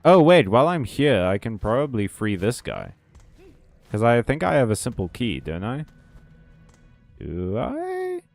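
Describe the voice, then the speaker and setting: A man's voice: mid-range voice, big pitch swings, moderate pace, vocal fry, soft background music. A man streaming a game, chatting casually with viewers, joking and swearing as he plays. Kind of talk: casual gameplay commentary.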